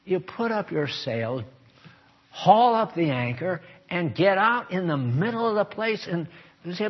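Older male pastor, husky, unhurried sermon delivery, lo-fi church recording. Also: sits high, very animated. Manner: folksy, emphatic, shifts into mock voices and prayer.

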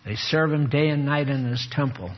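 A man preaching a sermon to a small group, animated and teasing, calling on listeners by name. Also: a little high, normal speed. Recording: muffled lo-fi recording.

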